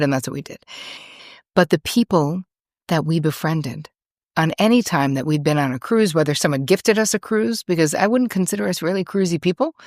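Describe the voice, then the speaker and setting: Low-voiced chatty woman host. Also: no room sound, studio quality. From United States. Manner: chatty, digressive, self-deprecating. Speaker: podcast host. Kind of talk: casual monologue.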